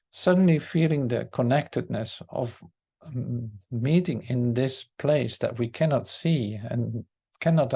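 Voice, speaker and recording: Male group leader, reflective scripture talk, unhurried and searching, low dark tone. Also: creaky. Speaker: spiritual study group leader.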